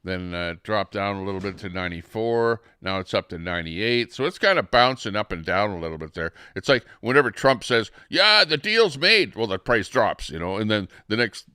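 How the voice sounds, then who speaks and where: A Canadian man hosts a livestream, rambling through casual commentary full of fillers and restarts. His voice sits on the low side, fairly quick with few pauses, pushed, bright, and smooth. The sound is clean studio audio with no room sound.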